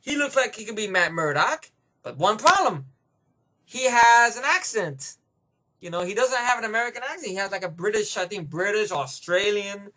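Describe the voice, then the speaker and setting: A man's voice: sits high, animated, normal speed, bright, forceful tone. A man giving a rambling, profane movie review rant, heavy on emphatic opinions.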